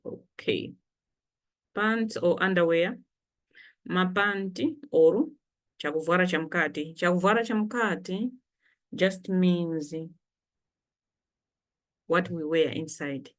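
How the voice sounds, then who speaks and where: Slow, patient woman teaching a language. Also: fairly low pitch. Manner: slow, patient, repeats words for learners. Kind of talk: casual language lesson.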